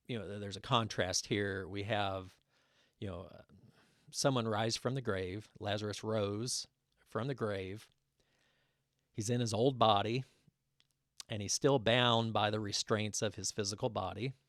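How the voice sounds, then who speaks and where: A man teaching a casual Bible study, reading scripture aloud and explaining it in a relaxed way with many fillers and restarts. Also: lowish voice, dry recording, studio quality. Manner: reads scripture passages aloud.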